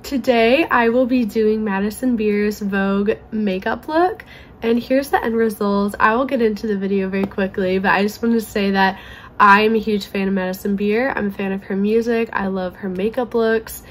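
A young woman chatting through a makeup tutorial, self-deprecating and giggly, a little hoarse. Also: mid-range voice, fairly even intonation, moderate pace, slight background noise. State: slightly hoarse from allergies. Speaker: beauty vlogger. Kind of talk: casual makeup tutorial chat.

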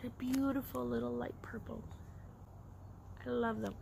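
A woman casually chatting about her yarn and knitting haul, excitable and quick to laugh. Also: on the high side, gravelly, slight background noise. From Los Angeles area. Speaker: craft vlogger.

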